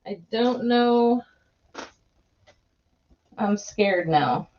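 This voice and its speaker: A woman's voice: on the high side, expressive, drawn-out words, long pauses, a little mellow, slight background noise. Chatty giggly woman on a lo-fi stream. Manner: chatty and giggly, rambling with restarts. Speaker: live stream host. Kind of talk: casual live-stream chat.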